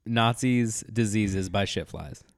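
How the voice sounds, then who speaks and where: A man co-hosting a podcast in casual chat, throwing in quick jokes and profanity while he listens. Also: on the low side, dry recording, clean studio sound. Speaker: podcast co-host.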